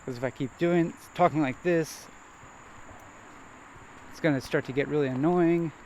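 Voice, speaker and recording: Halting man talking on a walk. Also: on the high side, a little mellow. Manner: halting, hesitant, repeats words. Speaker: vlogger. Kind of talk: rambling self-reflective monologue while walking. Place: outdoor nature trail. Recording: faint outdoor noise.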